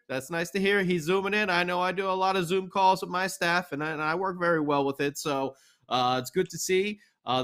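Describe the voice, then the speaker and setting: Bright, enthusiastic sports-talk man. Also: a little high. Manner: rambling, enthusiastic, fan banter. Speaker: podcast co-host. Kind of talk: sports recap commentary.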